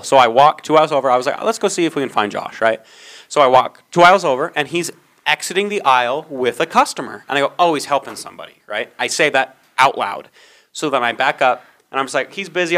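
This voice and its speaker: A man's voice: on the high side, sharp tone. A young man co-hosting a casual podcast, rambling through a story and acting out what people said. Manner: rambling storyteller, acts out quoted dialogue. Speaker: podcast co-host.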